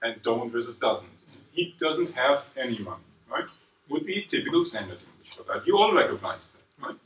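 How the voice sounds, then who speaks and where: A man's voice: mid-range voice, normal speed, reverberant. Guy teaching a class, keeps asking the room stuff, kinda far off the mic. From southern Germany. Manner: lively, quizzes the class, tags 'right?' after points. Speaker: university lecturer. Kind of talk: classroom seminar lecture. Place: lecture room.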